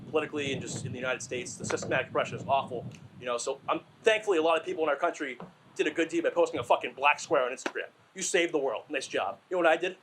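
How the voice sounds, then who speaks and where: A man's voice: on the high side, noisy background. A young man from Massachusetts telling rambling, crude, self-deprecating stand-up stories, full of asides and fillers. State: out of breath. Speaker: stand-up comedian.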